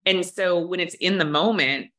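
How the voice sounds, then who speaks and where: Low-voiced, bright woman podcast host. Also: normal speed. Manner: earnest and emphatic. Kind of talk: casual interview chat.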